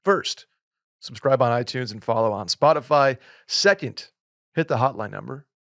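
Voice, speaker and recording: A man hosts a podcast with loose, joking banter, needling his guest and running through plugs with brisk ease. His voice sits in a middle register and sounds close and dry, with no room around it. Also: mid-range voice, lively intonation, vocal fry, a bit bright, no room sound. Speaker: podcast host. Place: studio in Austin, Texas.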